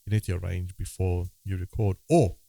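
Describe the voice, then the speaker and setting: A man co-hosting a music podcast, talking in a halting, thoughtful way with many restarts. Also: low voice, little pitch movement, vocal fry, mellow, no echo. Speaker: podcast co-host, guitarist. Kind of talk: casual conversation about music.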